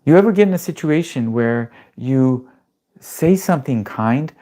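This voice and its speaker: A nervous system coach giving a motivational talk with guided breathing, animated, swearing casually and asking rhetorical questions. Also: mid-range voice, a little slow.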